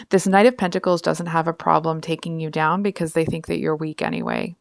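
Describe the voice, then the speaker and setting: A woman with a fairly low, smooth voice talks through a tarot reading in a frank, chatty way. She stacks up fillers and asides. The sound is dry and close. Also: sing-song, moderate pace, no room sound. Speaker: tarot reader. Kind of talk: casual tarot reading to camera.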